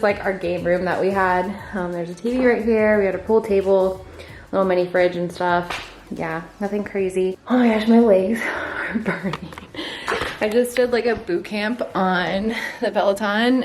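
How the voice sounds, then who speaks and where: A woman's voice: mid-range voice, fairly even intonation, normal speed, background noise. A young woman vlogging a casual house tour, chatty and giggly, out of breath after a workout as she walks from room to room inside a house, filmed on a handheld vlog camera. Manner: chatty, giggly, talks while walking room to room.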